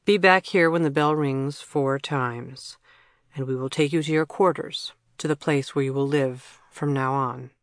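A storybook narrator voicing a grown man, a calm council official who speaks in a measured, composed way. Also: medium pitch, dry recording, studio quality, natural voice. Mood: instructing.

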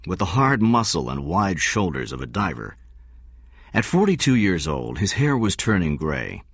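A man narrating a story as an audiobook, measured and expressive. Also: very deep voice, vocal fry, slightly rough, no room sound, studio quality. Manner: measured, expressive reading with voiced dialogue.

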